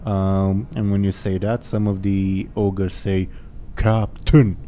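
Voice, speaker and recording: A man's voice: low-pitched, monotone, measured pace, dark tone, a little hiss or hum. A man narrating as game master of a tabletop game, rambling with many fillers.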